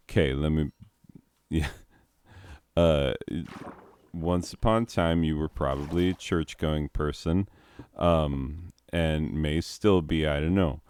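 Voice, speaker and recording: A man's voice: very deep voice, slow pace, long pauses, a little mellow, clean tone. A man who teaches, talking casually over his gaming and drifting off into long history tangents with jokes. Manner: rambling, goes off on history tangents; laughs at his own jokes and mocks things in silly put-on voices. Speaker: game video host.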